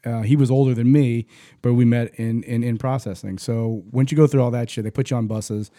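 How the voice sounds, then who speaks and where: A man recounts his army training days in a loose, profane conversational style. His voice is mellow and darkish, recorded dry and close. He stumbles and restarts often as he talks. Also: medium pitch, fairly even intonation, fairly quick, no room sound. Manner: profane, rambling, frequent restarts. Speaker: guest, army veteran. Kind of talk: casual storytelling.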